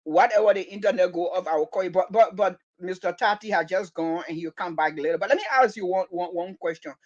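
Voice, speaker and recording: High-voiced host on muffled audio. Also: male voice, a little fast, a little mellow. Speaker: talk show host. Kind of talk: online talk show hosting.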